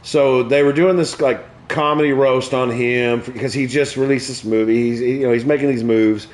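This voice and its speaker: A man, a comedian hosting a stream, tells crude jokes and stories in relaxed, profane chat. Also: medium pitch, moderate pace. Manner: crude, profane joke-telling. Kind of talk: casual storytelling chat.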